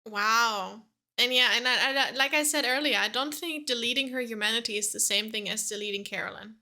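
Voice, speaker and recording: A woman co-hosting a casual podcast, excitedly telling stories about playing a game and laughing often. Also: a little high, brisk. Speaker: podcast co-host.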